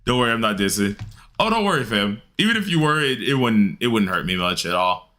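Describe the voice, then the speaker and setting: A man streams a game, chatting with his viewers in a relaxed, slangy way and laughing a lot. His voice sits lowish with big swings in pitch, and he talks a little fast with a pushed, bright tone.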